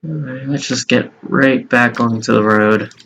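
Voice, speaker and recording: A man giving casual let's-play commentary on a fantasy game, relaxed and musing aloud. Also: mid-range voice, measured pace, husky, muffled recording. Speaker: gameplay narrator.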